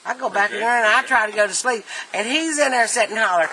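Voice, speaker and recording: A woman's voice: on the high side, quick pace, few pauses, noisy background. A middle-aged woman telling a family story casually, laughing often.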